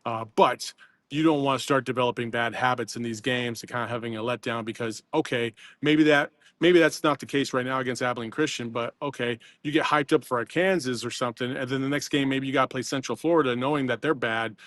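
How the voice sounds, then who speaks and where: A man's voice: mid-range voice, fairly even intonation, quick pace, fairly bright tone, dry recording. A man talking basketball as a guest analyst on a postgame show, loose and rambling with plenty of fillers. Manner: rambling, loose, laughs often. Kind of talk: casual postgame chat.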